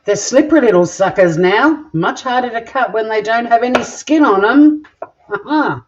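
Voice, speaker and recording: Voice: mid-range voice, animated, normal speed, highs cut off, noisy background. Crude, joking Australian home cook. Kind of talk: casual cooking vlog chat. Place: home kitchen.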